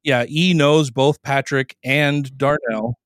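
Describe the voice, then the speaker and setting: A man's voice: mid-range voice, steady tone, slow pace, no echo, clean studio sound. A man hosting a podcast, casually retelling a court case in a conversational, profane way and briefly acting out the people he quotes. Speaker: podcast host.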